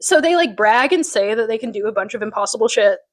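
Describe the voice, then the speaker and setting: Chatting about a TV episode as a podcast co-host, this woman talks fast in a slightly high, animated voice. Frequent laughter punctuates her recap, and she performs the quoted lines.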